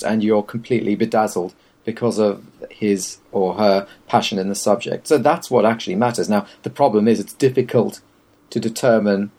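A man with a fairly low voice talks casually and at length. He is opinionated and wry, and he wanders through his points. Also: a little mellow, husky. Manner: opinionated, wry, meandering explanations. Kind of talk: casual chat.

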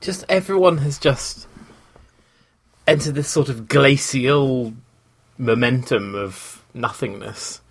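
A man's voice: medium pitch, slow, vocal fry, husky. A man in casual podcast chat, wry and emphatic. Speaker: podcast co-host.

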